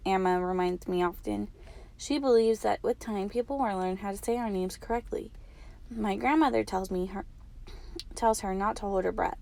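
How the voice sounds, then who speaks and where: A woman teacher reading the first chapter of a children's novel aloud, in a calm, measured way. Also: medium pitch, creaky, a little hiss or hum.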